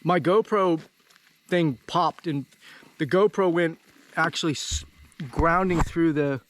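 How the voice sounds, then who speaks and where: Casting: male vlogger, high pitch, teasing and sarcastic, outdoor trail with faint noise. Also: slow pace. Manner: sarcastic, teasing, mocking impressions of his mate. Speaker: vlogger riding dirt bikes. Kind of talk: casual banter between riding mates. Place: outdoors on a dirt bike trail.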